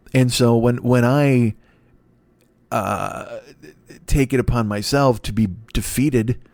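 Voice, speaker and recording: A man's voice: medium pitch, a little mellow, no echo. A man in his forties hosting a comedy podcast, rambling through a profane, self-deprecating monologue. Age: 40s.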